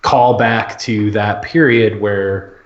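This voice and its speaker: A man's voice: fairly low pitch, fairly even intonation, slow. A man co-hosting a casual fan podcast, rambling and thinking aloud as he reacts to a trailer. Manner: rambling, thinking aloud with fillers and jokey impressions. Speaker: podcast co-host. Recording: roomy, dull lo-fi audio.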